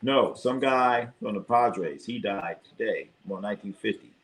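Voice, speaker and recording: A man hosting a casual sports livestream, reacting to the chat in a jokey, animated way. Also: fairly low pitch, a little slow. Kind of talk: casual live chat commentary.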